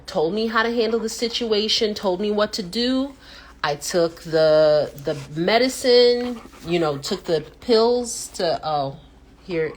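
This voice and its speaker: A woman hosting a casual live chat, telling stories with animated reactions and acting out what people said with sudden pitch jumps. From United States. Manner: animated storyteller who acts out quotes with sudden pitch jumps. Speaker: host.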